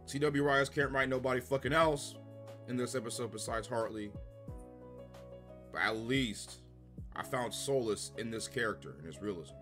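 A man giving a casual, profane, sarcastic review of a TV episode, exasperated and given to loud bursts of laughter. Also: medium pitch, normal speed, long pauses, faint music behind. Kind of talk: casual ranting review commentary.

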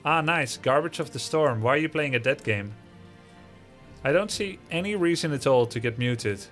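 A man's voice: medium pitch, lively intonation, normal speed, a bit bright. A man streaming live, reading viewer messages aloud with a sarcastic, mocking, theatrical manner, faint music behind him. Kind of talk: livestream reading chat messages.

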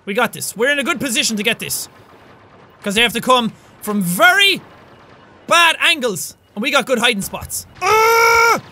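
A young man commentating his own game playthrough, excitable and swearing often as he yells at enemies. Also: very high voice, moderate pace. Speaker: gaming channel host. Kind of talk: gameplay commentary.

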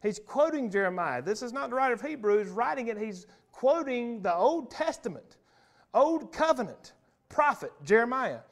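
Preacher guy, pretty high voice, punchy repeats, goes loud then real quiet, sunday sermon in church. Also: big pitch swings, moderate pace. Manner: emphatic, punchy repetition, wide swings in loudness. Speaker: pastor. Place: church sanctuary.

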